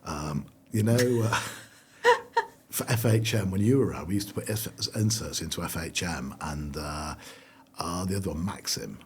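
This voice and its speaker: Low-voiced rambling middle-aged man. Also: moderate pace, a little hiss or hum. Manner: chatty, rambling, many fillers and restarts. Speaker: founder of a clothing brand; guest. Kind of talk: casual interview chat.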